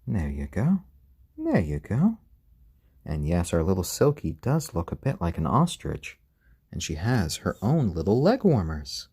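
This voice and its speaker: Soft-spoken man with a husky low voice. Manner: gentle, talks softly and fondly to his chicks. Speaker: host of a live chicken stream. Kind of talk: casual live-stream commentary.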